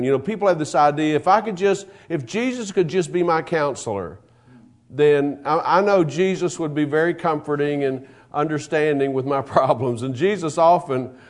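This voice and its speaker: Conversational preacher with a fairly high voice. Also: male voice, a little mellow. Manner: conversational, repeats and restarts words; reads scripture in King James wording. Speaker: guest preacher. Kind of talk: sermon with scripture reading and prayer.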